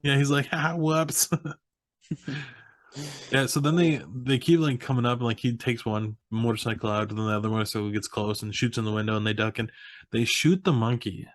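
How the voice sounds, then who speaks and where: Retelling a film's story on a podcast, a young co-host speaks fairly quickly in a steady mid-range voice, laughing as he performs characters' lines. The recording is dry.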